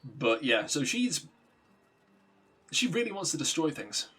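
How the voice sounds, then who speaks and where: A man streaming a game, casually retelling a story in a rambling, animated way. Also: on the high side, measured pace, husky. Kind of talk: casual gameplay commentary.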